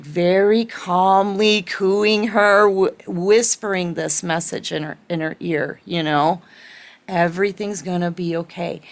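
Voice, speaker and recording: Speaking in a mid-range voice, a woman who reads tarot delivers a heartfelt spiritual pep talk to her audience, saying things more than once and asking "okay?" along the way.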